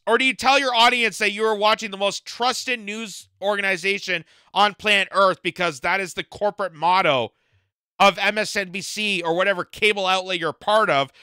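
Canadian-raised male commentary host, smooth and clear voice, sharp mocking delivery. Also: high-pitched, normal speed, no room sound. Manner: mocking and exasperated, laughs at his own jokes. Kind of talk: opinion commentary on video.

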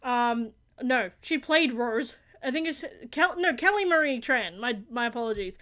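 High, bright, excitable woman reacting. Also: moderate pace. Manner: excitable, shouts and gasps often, apologizes a lot. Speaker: channel host reacting to a TV episode.

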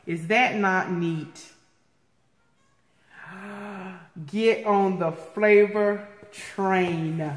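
Slow-talking woman opening viewer mail. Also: mid-range voice. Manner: excitable, gasping, repeating herself. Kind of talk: casual unboxing chat. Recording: echoey room with faint noise.

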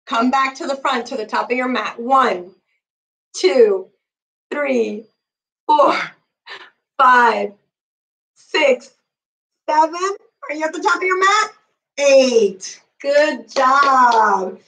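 Woman with a higher voice, slow-paced kids yoga teacher, counts poses patiently, mic set back. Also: lively intonation, a bit bright, reverberant, distant mic, low-quality recording. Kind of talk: guiding a children's bedtime yoga class.

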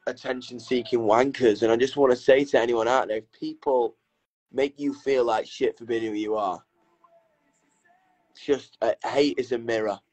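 Speaking at a medium pitch, this young British man runs a casual phone livestream from his hotel room. He comes across as energetic and excitable, and he swears.

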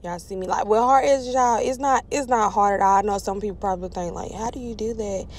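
A woman's voice: mid-range voice, fast. A young woman, chatting casually to viewers while she styles a client's hair. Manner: chatty, animated, frequently addresses viewers. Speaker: hairstylist vlogger. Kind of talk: casual tutorial chat.

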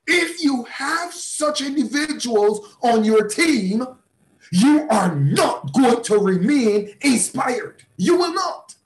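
High-voiced bishop guy mentoring a class, slow and preachy, repeats himself, yells out now and then. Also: animated, roomy sound. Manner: emphatic, repeats words, bursts into sudden shouts. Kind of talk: motivational teaching talk in a preaching style.

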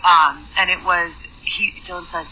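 A woman's voice: on the low side, steady tone, unhurried, sharp tone, slight background noise, rough recording. A woman hosting her own podcast, telling a story in a chatty, rambling way full of fillers and restarts, earnest and emphatic. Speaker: podcast host. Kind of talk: casual storytelling monologue.

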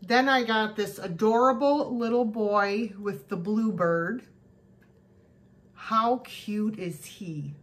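A thrift haul vlogger talks casually to the camera, showing off her yard sale finds and gushing over each cute one. Her voice is medium-pitched, and she takes her time speaking.

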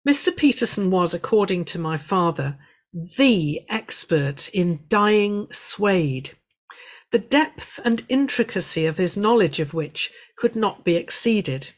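Woman giving a history talk, slow and unhurried, calm storytelling with a bit of dry humour. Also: mid-range voice. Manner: measured, storytelling delivery with gentle humour. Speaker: guest speaker at a local history society. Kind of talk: prepared illustrated talk.

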